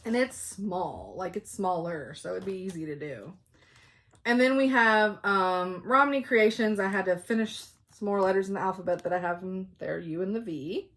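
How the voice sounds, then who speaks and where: A woman's voice: mid-range voice, expressive, moderate pace, fairly bright tone. A woman hosting a casual show-and-tell chat about stitching, laughing often and stopping to talk to her dogs. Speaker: flosstube host.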